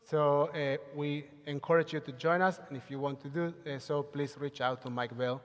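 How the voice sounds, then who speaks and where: A man's voice: a little high, steady tone, normal speed. A man leading a Sabbath service, chanting Hebrew prayers and making announcements with many hesitations. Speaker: service leader. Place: synagogue sanctuary. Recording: long hall reverb on a livestream.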